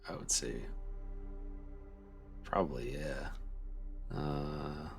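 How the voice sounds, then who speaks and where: A man's voice: extremely low pitch, fairly even intonation, extremely slow, vocal fry, soft background music. A man playing in a tabletop game, laid-back, talking to the stream chat. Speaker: player. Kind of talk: casual chat.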